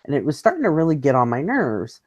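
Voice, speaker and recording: A woman's voice: deep voice, wildly swooping pitch, fast talker, darkish tone, dry recording, highs cut off. Woman host, blunt swearing storyteller, laughs a lot, dry close sound. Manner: blunt, profane, laughs often mid-story. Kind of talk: casual storytelling chat.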